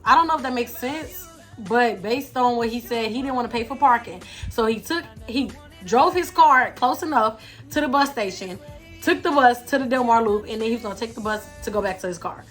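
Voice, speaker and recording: A young adult woman telling a storytime vlog in an animated, slangy way, talking straight to her viewers. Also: on the high side. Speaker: vlogger.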